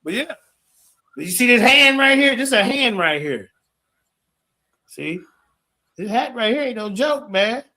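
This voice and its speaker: A high-pitched man calls a debate for his viewers, boastful and full of slang. His voice is bright and forceful, and he talks in quick bursts. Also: expressive, low-quality recording. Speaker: debate commentator. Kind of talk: casual stream commentary.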